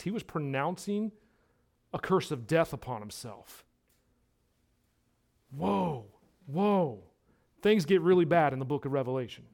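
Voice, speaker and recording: A man with a fairly high voice preaching a sermon. He drives each point home by repeating words, dropping to a hush and then rising loud. His voice drifts nearer and farther from the mic. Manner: emphatic preaching, repeats words for emphasis, swings between hushed and loud. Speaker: pastor.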